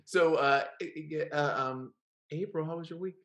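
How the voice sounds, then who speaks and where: A man's voice: on the high side, moderate pace, fairly bright tone. Joking man in a roomy echo. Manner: joking, laughs often. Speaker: podcast co-host. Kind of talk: casual chat.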